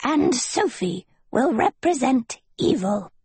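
A woman voicing a small gnome leader who calls out names in a raised, drawn-out voice. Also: a little high, sing-song, darkish tone, husky, no room sound, voice pushed up, full character voice. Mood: announcing. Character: small gnome group leader, solemn announcer. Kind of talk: audiobook character voice.

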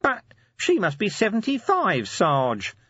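A man doing Nobby, a squeaky, eager corporal. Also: very animated, moderate pace, fairly bright tone, breathy edge, no echo, dull audio, full character voice. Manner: eager, anxious, wide-eyed.

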